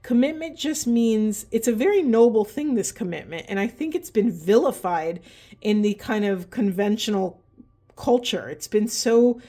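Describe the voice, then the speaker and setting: Woman, card reader, mellow and warm, earnest and impassioned delivery, addressing viewers directly. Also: a little high, lively intonation, normal speed. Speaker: spiritual tarot reader. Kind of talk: oracle card reading to camera.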